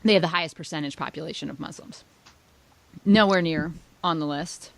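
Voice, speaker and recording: A woman co-hosting a casual political chat podcast, sarcastic and quick to mock opposing views in asides. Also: low-pitched, gravelly. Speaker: podcast co-host.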